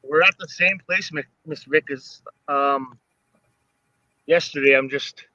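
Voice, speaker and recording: A man talking casually from an outdoor campsite, halting and laid-back. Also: a little high, pushed and bright, no room sound, lo-fi sound. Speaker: co-host of a live stream. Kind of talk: casual chat.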